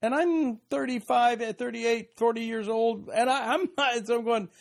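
An older man co-hosting a podcast, talking about parenting in a gentle, reflective, fatherly way. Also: extremely high pitch, normal speed, creaky. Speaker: podcast co-host.

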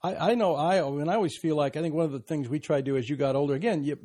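Older man, podcast co-host, warmly reflective, slightly raised pitch. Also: racing. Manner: gentle, reflective, fatherly.

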